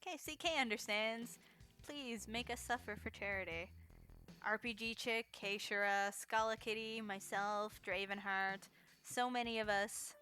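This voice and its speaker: A woman's voice: mid-range voice, steady tone, measured pace, sharp tone, faint music behind. A woman streamer giving chatty, casual commentary as she plays a game for a charity marathon, reacting to chat and laughing often.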